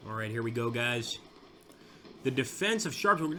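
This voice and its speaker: A young man with a Southern American drawl talks through a battle in his strategy game as it unfolds. His voice is bright and pushed forward, and he cheers his units on excitedly. A faint ambient hum sits behind him. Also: mid-range voice, normal speed. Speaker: gameplay commentator. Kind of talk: let's play commentary.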